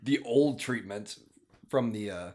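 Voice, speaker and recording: A man's voice: fairly low pitch, measured pace. A man co-hosting a casual movie podcast, recapping the plot with plenty of fillers. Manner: recaps the plot with fillers and loud acted-out yells. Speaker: podcast co-host. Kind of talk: casual movie review chat.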